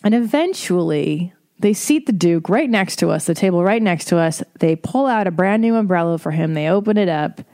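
A woman hosts a podcast, talking through a casual story in a chatty, profane way. Her voice sits a little low and sounds mellow and relaxed. She drops wry asides as she goes. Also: normal speed, no room sound, clean studio sound. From Eastern Bloc. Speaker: podcast host.

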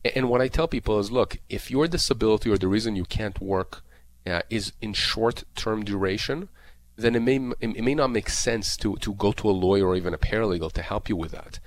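A man's voice: on the low side, brisk. A man explaining disability insurance claims on a call-in show, emphatic and repetitive, with many fillers. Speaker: disability lawyer guest expert. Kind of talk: radio call-in advice.

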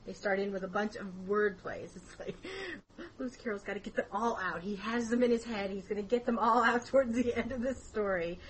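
A woman co-hosting a podcast in casual chat, easygoing and quick to laugh. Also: mid-range voice, fairly even intonation, a little hiss or hum, rough recording. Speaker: podcast co-host.

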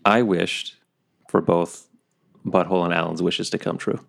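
Male player, very deep and gravelly, slow wry delivery. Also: steady tone. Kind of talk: tabletop game play.

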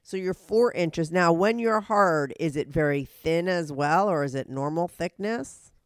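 A woman's voice: on the low side, measured pace, no echo. Woman podcast host, nasal from a cold, blunt and profane, dry close sound. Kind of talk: casual frank interview.

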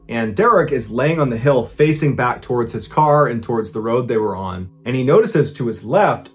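A man in his thirties, the host, narrating a true story with energy and briefly acting out the people in it. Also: mid-range voice. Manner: animated, acts out quoted lines in his own voice.

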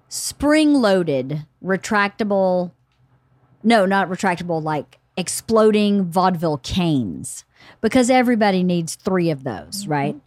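A woman hosting a podcast, telling a story in a casual, animated way and laughing often. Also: lowish voice, unhurried, dry recording. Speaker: podcast host.

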